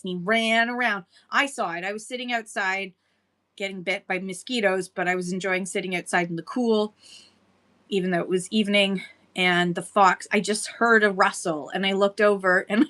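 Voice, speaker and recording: A woman's voice: mid-range voice, pushed and bright. A woman hosting a casual livestream chat, chatty and laughing often as she greets viewers by name. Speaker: livestream seller host.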